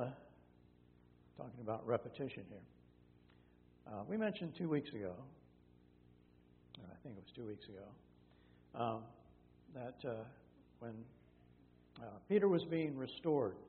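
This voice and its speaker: Man teaching scripture, tinny hall recording. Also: mid-range voice. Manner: conversational, frequent fillers and self-corrections. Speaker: pastor. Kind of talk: Bible teaching sermon. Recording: tinny phone-like sound in a reverberant hall with faint hum.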